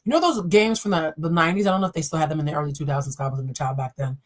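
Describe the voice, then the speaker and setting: A woman reads tarot on a live stream. She is animated and blunt, and she talks straight to her viewers and swears freely. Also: deep voice, very fast. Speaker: tarot reader.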